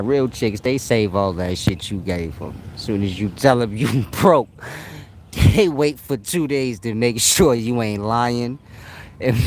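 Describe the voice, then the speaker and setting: A man's voice: medium pitch, a little mellow, a little hiss or hum. A man giving profane, streetwise relationship advice in a casual monologue, breaking into laughter often. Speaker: advice vlogger.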